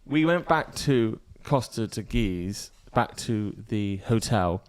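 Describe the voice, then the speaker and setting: A man's voice: lowish voice, expressive, slow, clean tone. A young man co-hosting a podcast, telling a rambling family story with acted-out quotes. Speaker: podcast co-host. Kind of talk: casual storytelling chat.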